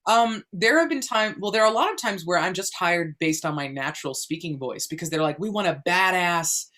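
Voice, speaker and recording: A woman's voice: lowish voice, a little fast, a bit bright. A woman from the United States, a voice actor answering interview questions in a chatty, explanatory way with many fillers and restarts. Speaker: guest voice actor.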